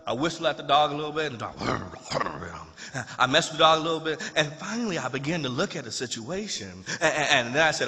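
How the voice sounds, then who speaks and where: Male preacher, sermon, high and lively pitch, rhythmic stammering delivery, echoey church hall. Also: a little fast. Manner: storytelling with stammered repeats; impassioned, repetitive cadence. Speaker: pastor.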